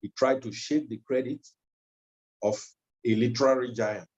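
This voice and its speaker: A man gives a legal training lecture in a measured way, often pausing with ums and uhs. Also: medium pitch, fairly even intonation, a little mellow. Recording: dull lo-fi recording.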